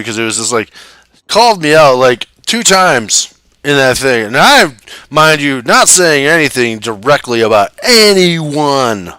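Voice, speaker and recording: A man's voice: fairly high pitch, sharp tone, smooth, no room sound. A man giving rambling, profane commentary while he plays a survival game, laughing often. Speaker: streamer playing a survival game. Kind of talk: casual gameplay commentary.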